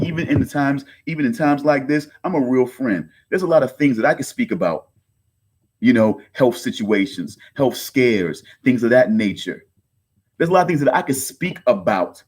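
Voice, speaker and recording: A man in his thirties delivering a heated rant straight to his viewers. He swears, repeats himself and keeps calling them "folks". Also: darkish tone. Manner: agitated, swearing, repeats himself, pitch swings high when angry. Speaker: online content creator. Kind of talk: heated direct-to-camera rant.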